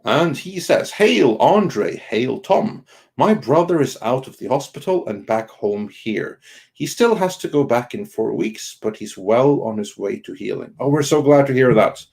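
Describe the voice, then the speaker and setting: Live-stream co-host, male, mid pitch, halting and filler-heavy, casual read-out of viewer messages. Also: animated, vocal fry, a little mellow. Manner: halting, many ums and restarts. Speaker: co-host of an online entertainment news show. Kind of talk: casual live-stream chat reading Super Chats.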